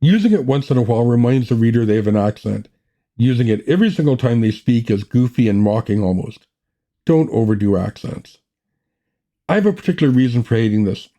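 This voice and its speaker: A man gives a scripted writing lesson in a mellow, even voice of middle pitch. His delivery is measured and plain, and he moves steadily from point to point. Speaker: writing podcast host. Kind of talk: scripted teaching talk.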